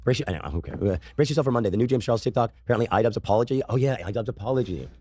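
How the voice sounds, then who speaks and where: A man's voice: mid-range voice, animated, racing, a little mellow. A sick man hosting a podcast, brash and joking, in casual profane banter. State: sick, coughing. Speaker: podcast host.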